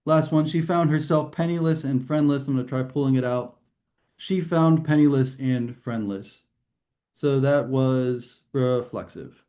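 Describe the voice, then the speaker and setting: A man's voice: medium pitch, measured pace, warm tone. A man tutoring grammar in a recorded lesson, explaining casually with fillers and restarts. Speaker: test prep tutor.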